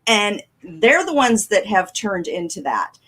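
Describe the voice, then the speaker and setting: A middle-aged woman, telling animated stories on a talk show and acting out the people she quotes. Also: medium pitch, a little slow, breathy edge. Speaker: guest caller. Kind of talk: casual storytelling on a talk show.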